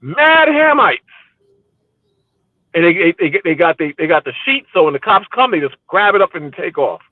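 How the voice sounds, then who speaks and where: A man's voice: fairly high pitch, fast, no room sound, phone-quality sound. A man describing a busy city street while out walking, exclaiming and repeating himself. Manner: excited, exclaiming, repetitive. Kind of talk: casual chat, live street commentary.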